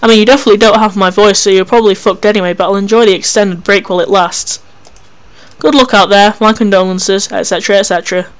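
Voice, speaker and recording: Reader playing a grumpy crude mentor, sarcastic, exasperated, smooth clear voice, middling pitch. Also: steady tone, quick pace, lightly acted. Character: grumpy weary male mentor, blunt and crude.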